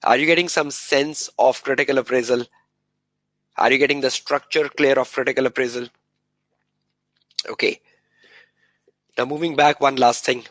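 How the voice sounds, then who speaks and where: A man's voice: mid-range voice, steady tone, moderate pace, long pauses, a bit bright, no echo, rough recording. A man giving a live exam revision lecture, quizzing students with rhetorical questions and repeating key words for emphasis.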